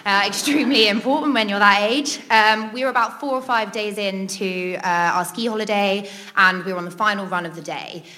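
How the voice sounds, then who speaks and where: A woman's voice: mid-range voice, a little fast, bright, forceful tone. A woman telling a funny personal story in a chatty way, giggling often and dropping in ums. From Britain. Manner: chatty, giggles between lines, many ums. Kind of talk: comic personal anecdote.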